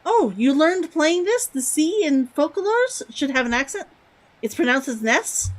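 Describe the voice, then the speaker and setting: High, lively-voiced woman streamer. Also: a little slow, rough recording. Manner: musing aloud, reading in-game lore text. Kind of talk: casual game-stream chat.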